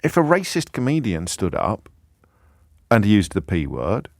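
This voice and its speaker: A man's voice: lowish voice, wildly swooping pitch, unhurried, gravelly, no echo. Male radio host, conversational, self-deprecating, stumbling restarts, dry close studio mic. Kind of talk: talk radio monologue. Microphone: studio microphone.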